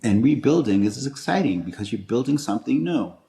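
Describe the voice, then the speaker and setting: A man's voice: medium pitch, expressive, brisk, creaky, mellow. A man in his sixties with a Boston accent, a guest in an interview, talking in an upbeat, joking and reflective way. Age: 60s. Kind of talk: conversational interview.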